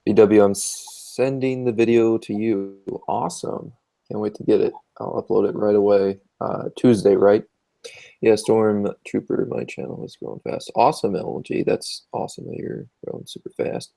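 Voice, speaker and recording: A man's voice: fairly low pitch, steady tone, normal speed, vocal fry, warm tone, rough recording. A young man hosting a livestream, laid-back, telling a work story and reading chat aloud. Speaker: livestream host. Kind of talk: casual chat.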